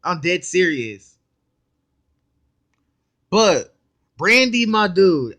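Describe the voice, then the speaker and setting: A man hosting a casual reaction video, excitable and blunt, talking in slang straight to his viewers and cutting in often to comment. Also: sits high, takes it slowly, long pauses. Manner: excitable, blunt and profane, keeps interrupting with "hold up".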